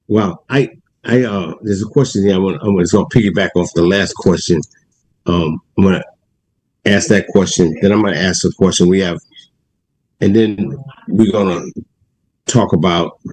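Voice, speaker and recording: A man hosting an interview who reads out audience questions in a relaxed, rambling way. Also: low-pitched, a little hiss or hum, poor audio. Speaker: interview host.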